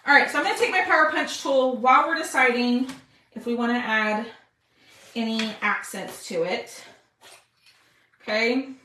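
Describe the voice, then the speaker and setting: A woman's voice: fairly high pitch, normal speed, long pauses, bright, forceful tone, echoey room, slight background noise. A woman hosting a live craft stream, chatting with viewers as she works. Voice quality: chatty, talks to viewers with "y'all". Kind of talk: casual live craft demo.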